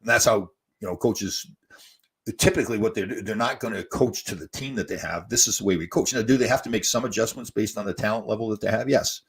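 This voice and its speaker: A man in his sixties with a husky, low voice hosts a relaxed live stream. He reads viewer questions aloud and answers with chatty, meandering stories. His delivery is loose and conversational. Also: fairly quick. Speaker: host.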